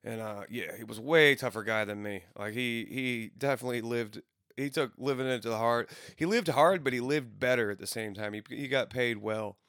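Gravelly, smooth-voiced man in his thirties. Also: mid-range voice, brisk, fairly bright tone, no room sound, clean studio sound. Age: 30s. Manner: loose, profane storytelling with frequent restarts. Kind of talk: rambling casual monologue.

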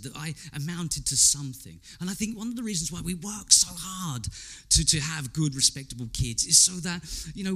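A man delivering a sermon in a chatty, conversational way, with a voice pitched a little high for a man. He keeps throwing rhetorical questions at his listeners and often repeats words as he builds a point. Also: a bit bright. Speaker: preacher.

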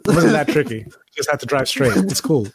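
A man's voice: medium pitch, lively intonation, fast talker, breathy edge. A man co-hosting a film reaction chat, making sarcastic, joking remarks about the scenes.

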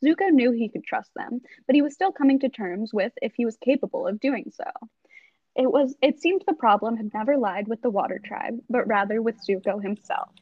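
A young woman co-hosting a casual book-club podcast, teasing her friends and reading passages aloud briskly. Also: fairly high pitch, dry recording, lo-fi sound. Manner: playful, reads quoted passages aloud briskly. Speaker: podcast co-host.

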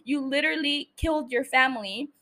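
A woman's voice: high-pitched, brisk, bright, forceful tone. A woman hosting a casual solo podcast recap, emotional and angry, swearing heavily as she rants. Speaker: podcast host.

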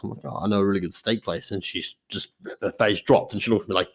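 A man's voice: on the low side, quick pace, hardly any pauses. A young man hosting a podcast, telling stories in a rambling casual monologue full of swearing. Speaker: podcast host.

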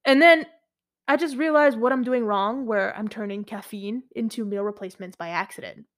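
A young woman in her early twenties hosts a solo podcast, her voice sitting a little higher than most. She talks in a candid, chatty way, full of fillers and restarts. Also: moderate pace. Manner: candid, chatty, animated storytelling with many fillers. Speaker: podcast host.

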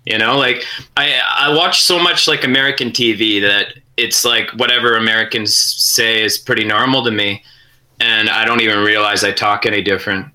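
A man from Canada co-hosting a podcast in casual chat, giggly and animated. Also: on the low side, moderate pace, poor audio. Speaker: podcast co-host.

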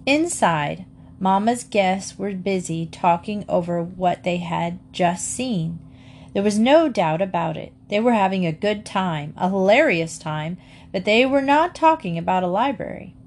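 A woman narrating a children's chapter book in a clear, steady storytelling voice. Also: medium pitch, unhurried, slight background noise. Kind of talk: storybook read-aloud.

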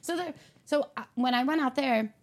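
A woman from the Philadelphia area, chatting casually and telling animated stories. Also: high-pitched, normal speed, a loud crowd. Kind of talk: casual chat.

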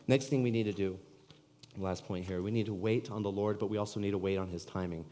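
A man's voice: on the low side, fairly even intonation, fast talker, mellow. A male pastor from California preaching a sermon in an earnest, conversational storytelling way, in a church sanctuary. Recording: long reverb of a church hall.

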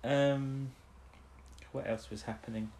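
A man's voice: medium pitch, steady tone, slow pace, a little mellow, a little hiss or hum. A man co-hosting a show, recapping an episode in casual chat, rambling with restarts and tag questions. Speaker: podcast co-host.

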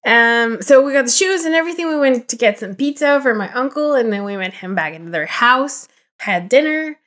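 A woman's voice: fairly high pitch, lively intonation, brisk, a bit bright. A young woman co-hosting a podcast, telling a rambling story in casual chat, full of fillers and acted-out quotes. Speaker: podcast co-host.

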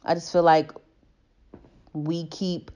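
A woman's voice: low voice, little pitch movement, slow pace, a little mellow. A young woman in casual chat, rambling with many restarts and growing heated as she talks. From family from Tobago.

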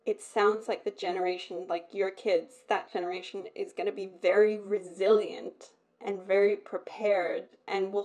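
A woman speaks openly in a relaxed conversation, her voice sitting in an ordinary middle pitch. She is candid and expressive, and often slips into voicing what other people said. Her delivery is lively and personal rather than scripted. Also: poor audio. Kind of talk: casual chat.

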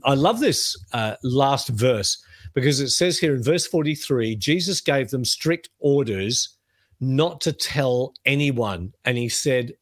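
A man's voice: medium pitch, no room sound. Middle-aged man teaching the Bible, dry sound. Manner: lively storytelling, reads scripture aloud.

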